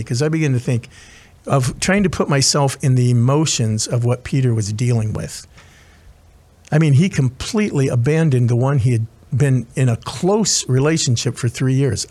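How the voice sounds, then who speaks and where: A man's voice: mid-range voice, darkish tone. A man preaching as a chaplain, retelling a scripture story earnestly with frequent restarts and asides. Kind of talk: sermon.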